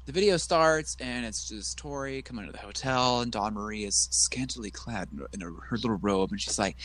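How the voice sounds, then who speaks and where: A man's voice: medium pitch, brisk, hardly any pauses, a bit bright, a little hiss or hum. A man co-hosting a casual wrestling podcast, retelling a show and mimicking the people in it with silly voices. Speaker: podcast co-host. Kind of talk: casual wrestling recap chat.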